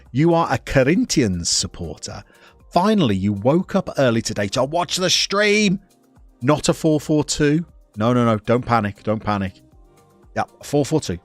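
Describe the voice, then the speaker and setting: A man's voice: medium pitch, no room sound. A man giving chatty, playful live commentary on a football management game as he streams it, talking to the players and to his chat.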